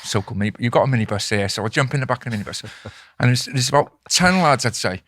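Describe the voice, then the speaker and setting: A man's voice: mid-range voice, fast talker, dry recording, studio quality. Foul-mouthed man telling a rowdy story. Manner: swears constantly, acts out quoted voices loudly. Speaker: podcast host. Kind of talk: casual storytelling.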